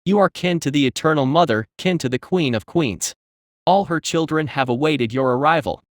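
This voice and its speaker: Male narrator doing a fanatical monster leader, cheery and cackling, highish voice, dry close sound, audiobook. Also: normal speed, no room sound, close to an everyday voice. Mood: humble. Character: grotesque fanatical burrowing creature leader, male.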